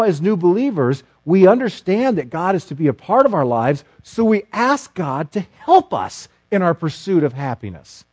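A male pastor delivers a sermon in an animated, expressive style. His pitch is a touch high and ranges widely as he climbs into emphatic questions. The sound is close and dry. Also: no room sound.

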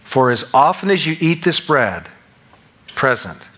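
A man preaching a sermon as pastor, emphatic and rising in pitch and volume on key lines. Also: sing-song, measured pace, bright, forceful tone.

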